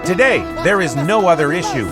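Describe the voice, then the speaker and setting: Man voicing a defiant parliament leader, rhetorical questions, slightly high voice, clear music underneath. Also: expressive, brisk. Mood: accusing. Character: impassioned male parliamentary leader, defiant and accusing. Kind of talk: dubbed documentary reenactment.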